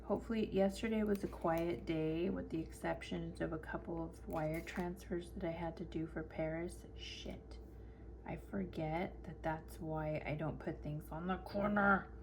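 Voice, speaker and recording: A lower-voiced middle-aged woman talks in a chatty, animated way, acting out the voices in her own story. She is recorded on a desk camera mic at home, with a faint hum of room noise behind her. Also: normal speed, creaky, few pauses. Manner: animated, acts out quotes with laughter. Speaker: planner vlogger. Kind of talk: chatty storytelling while decorating a planner.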